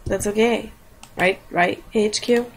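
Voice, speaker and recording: A woman's voice: mid-range voice, fairly even intonation, slow pace. A young woman hosting a casual gameplay video, rambling, joking and giggling as she plays at home. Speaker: gaming video host. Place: home room. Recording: noisy home recording.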